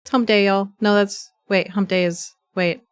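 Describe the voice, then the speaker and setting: A young woman livestreaming, telling a chaotic story in a rambling, profane, animated way, with a stuffy nose from sneezing. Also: medium pitch, moderate pace, clean tone. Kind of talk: casual chat.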